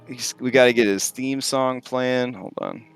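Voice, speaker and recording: A man's voice: mid-range voice, a little slow, faint music behind. A man running a tabletop game as game master, talking casually and laughing between lines.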